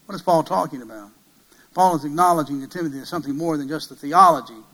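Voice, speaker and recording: Man, preacher, sermon, slightly raised pitch, loud then hushed, rhetorical questions. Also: fast, rough recording. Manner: emphatic, swings between loud peaks and hushed low passages; asks the listeners many rhetorical questions.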